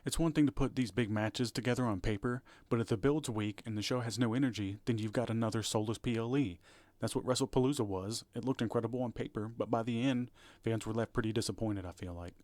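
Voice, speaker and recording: A man's voice: medium pitch, fast, darkish tone, no echo. A man co-hosting a podcast, talking casually and rambling, with restarts and fillers. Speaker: podcast co-host. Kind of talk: casual chat.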